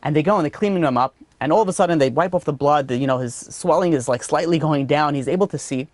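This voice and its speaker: A man teaching a religious class, telling a story in a lively way with many "you know" asides. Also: on the high side, fast talker, no room sound. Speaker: rabbi teaching a weekly class.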